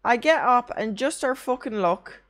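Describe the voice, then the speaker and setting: A woman's voice: a little high, animated, normal speed. A young woman streaming, chatting casually with her chat, tired from little sleep, rambling through anecdotes and swearing often.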